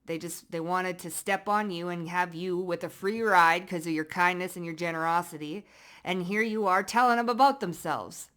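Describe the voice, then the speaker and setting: A woman giving a casual tarot reading to her viewers, blunt and profane, swinging between loud emphatic bursts and low muttered asides. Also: moderate pace. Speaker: psychic tarot reader.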